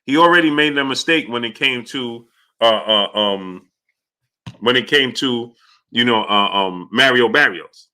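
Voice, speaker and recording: A man's voice: mid-range voice, a little slow, sharp tone. A man hosting a live boxing talk stream, talking emphatically with repeated fillers and frequent "you understand?". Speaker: sports talk show host.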